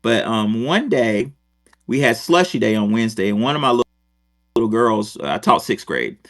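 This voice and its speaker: A man's voice: on the low side, normal speed. A middle-aged man from Rochester telling a story in casual chat, with lots of swearing and digressions. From Rochester, New York. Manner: profane, digressive, animated. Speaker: podcast host, former teacher.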